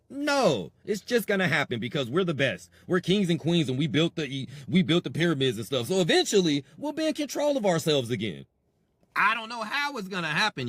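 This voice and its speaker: A man with a fairly high voice hosts a podcast, delivering an impassioned, sarcastic monologue directly to his listeners, repeating himself. He's animated, swinging between loud and quiet. There is no echo.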